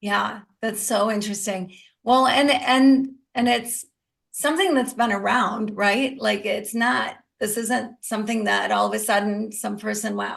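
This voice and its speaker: A woman's voice: mid-range voice, fairly even intonation, measured pace, gravelly, fairly bright tone. A woman hosting an interview, chatting conversationally and affirming her guest's points. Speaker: host. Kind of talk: interview chat.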